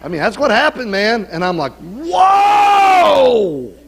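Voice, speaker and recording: Animated middle-aged male pastor preaching. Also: sits high, fast talker, some chatter behind, a little hiss or hum, poor audio. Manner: animated preaching with call-and-response asides. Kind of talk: sermon. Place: church sanctuary.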